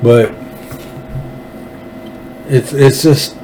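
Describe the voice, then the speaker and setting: A Texan man delivers a rambling, fervent political monologue in an unhurried, drawn-out way, often stopping to restart his sentences. A faint hiss of background noise sits under his voice. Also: medium pitch, fairly even intonation, dark tone, rough recording. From Texas. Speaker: show host.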